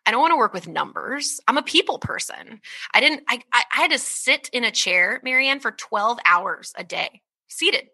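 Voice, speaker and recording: Bright-voiced, animated woman guest. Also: a little high, moderate pace, slightly rough. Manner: animated and candid, laughs often, peppers talk with "like" and "right?". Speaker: interview guest, author. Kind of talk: conversational interview talk.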